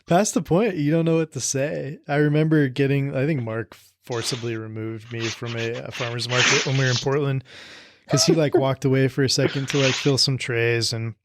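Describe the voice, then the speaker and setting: A man's voice: medium pitch, steady tone, normal speed. Profane, laughing man telling stories. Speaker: podcast host. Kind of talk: casual podcast chat.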